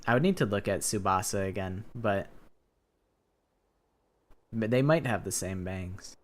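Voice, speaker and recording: A man's voice: lowish voice, unhurried. A tired man streaming a game, chatting casually in a rambling, hesitant way that often trails off. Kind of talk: casual gameplay chat. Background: game music.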